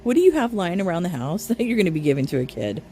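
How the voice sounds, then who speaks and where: A woman with a lowish voice talks over a clip with scornful, mocking commentary, blunt and sarcastic. She speaks at an everyday pace. Faint background hiss sits under her voice. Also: very animated, fast, dark tone. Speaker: commentary channel host.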